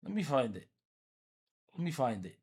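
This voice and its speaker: A man's voice: mid-range voice, big pitch swings, moderate pace, darkish tone, husky. A man from Africa chatting casually on a livestream, teasing people and repeating himself as he talks back to his chat.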